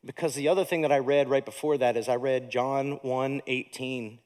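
A man preaching a sermon as pastor, passionate, moving between hushed reflection and excited exclaiming. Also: medium pitch, normal speed. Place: church stage.

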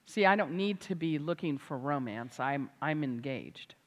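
An older woman, a grandmother and author, preaching a sermon with animated, emphatic delivery. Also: sits low, a little slow. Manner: animated, rising to loud emphatic exclamations. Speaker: Christian speaker and author. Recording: hall reverb.

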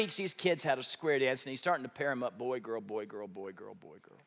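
A man preaching a sermon, telling a story with animated, rising emphasis. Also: medium pitch, brisk, few pauses. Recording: long hall reverb.

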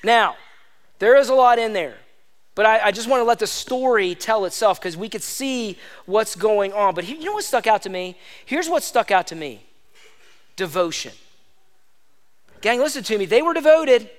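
A man's voice: sits high, animated, normal speed. A man preaching a sermon as pastor, emphatic and exhorting, repeating lines for stress. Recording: long hall reverb.

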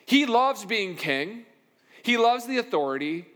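A man's voice: extremely high pitch, very animated, measured pace, fairly bright tone. A man preaching a sermon and telling the story with animation, acting out the characters' lines. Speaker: pastor. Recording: long hall reverb.

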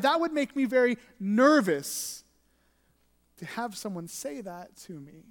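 A pastor preaching an earnest sermon, shifting between emphatic and hushed delivery. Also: medium pitch, very animated, measured pace, in a large hall.

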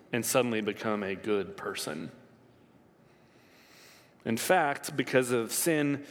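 A man preaching a sermon as pastor, telling the story with lively swings in his voice. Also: mid-range voice. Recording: long reverb of a hall.

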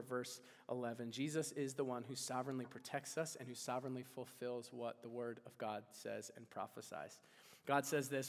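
A man's voice: medium pitch, big-room sound. A man preaching a sermon as pastor, earnest and building to urgent appeals to the congregation. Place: church hall.

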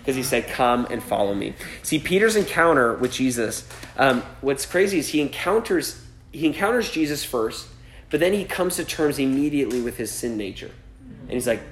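A male pastor delivers a sermon in a chatty, easygoing way, at an ordinary middle pitch. He keeps checking in with his listeners and slips into quick acted voices for the people in the story. The sound carries the echo of a roomy space. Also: expressive. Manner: casual preaching, frequent "right?", acts out voices with laughs. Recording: echoey room.

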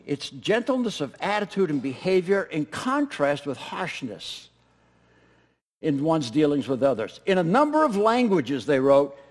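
High-voiced man preaching a lively sermon. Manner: dynamic delivery, swinging from loud emphatic peaks to soft near-whispers; self-deprecating humor, laughs at own stories. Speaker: pastor.

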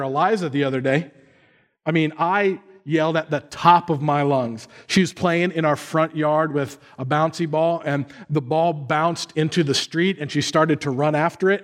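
A man in his thirties preaching a sermon in a conversational way, often putting questions to his listeners. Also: a little high. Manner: conversational, asks the audience questions. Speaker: pastor.

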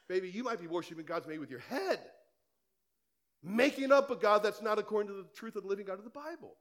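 A man's voice: high voice, expressive, quick pace, fairly bright tone. A male pastor preaching a sermon in a conversational way, firing rhetorical questions at the congregation in church.

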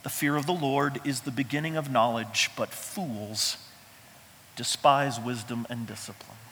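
A man's voice: medium pitch, measured pace, fairly bright tone, a little hiss or hum. A middle-aged man, a pastor, preaching a sermon in an emphatic, conversational way with touches of humor, in a church. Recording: reverberant hall sound.

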